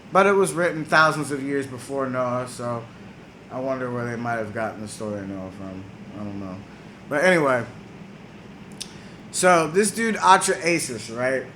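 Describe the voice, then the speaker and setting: Guy cussing his way thru an ancient myth, kinda high sharp voice, lil background hiss. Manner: slangy, casual, swearing constantly, acts out gods as dudes. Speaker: storyteller host. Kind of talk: profane comic retelling of a myth.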